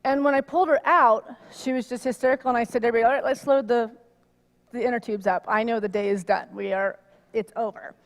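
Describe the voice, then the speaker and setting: A middle-aged woman minister preaching in a chatty, storytelling way, her voice fairly high and lively. She gets loud and animated as the story builds. A long reverb from the church hall trails behind her. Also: fast. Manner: animated storytelling, rising loud when worked up. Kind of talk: conversational sermon. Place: church sanctuary.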